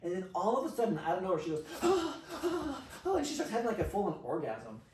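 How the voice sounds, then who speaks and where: Man, podcast guest, animated storytelling, acts out quotes, laughs a lot, somewhat high voice, echoey room. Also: very fast, slight background noise. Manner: excitable, acts out quotes, laughs often, filler-heavy. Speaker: podcast guest, sexual healer. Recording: roomy, distant from mic.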